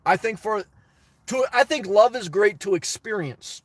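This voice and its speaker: A man's voice: sits high, a little slow, no echo. A man casually reading viewer comments and answering them bluntly, rambling with restarts. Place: lives in his car.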